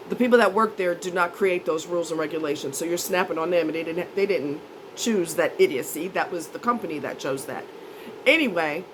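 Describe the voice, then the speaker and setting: Indignant woman ranting, rather high voice. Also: a bit bright, slight background noise, rough recording. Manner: indignant, sarcastic, emphatic. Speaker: vlogger. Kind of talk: storytime rant.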